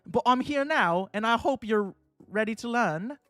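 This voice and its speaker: A small, eager dog professor addresses his class , voiced by a man in a clumsy fake British accent. The voice sits high, with a formal, fussy lecturing manner. It is recorded dry and close, with faint music behind. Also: animated, normal speed, bright, forceful tone, no echo, exaggerated voice. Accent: deliberately bad put-on British.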